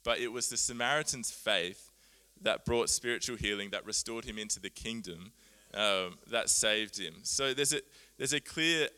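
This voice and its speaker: A man preaching a sermon, earnest and animated, often laughing at himself as he explains Bible words. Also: fairly low pitch, moderate pace, hardly any pauses, clear, resonant tone.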